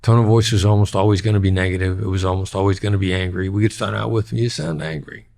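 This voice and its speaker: Gravelly low-voiced man, plain-spoken. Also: flat delivery, racing, darkish tone. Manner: plain-spoken, repeats key phrases for emphasis. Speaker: guest, former hostage negotiator. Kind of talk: podcast interview.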